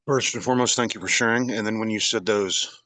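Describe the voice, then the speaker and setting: A man, a life coach, telling a story casually in a rambling, animated way. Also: lowish voice, a little fast, no echo. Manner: rambling, animated retelling with quoted voices.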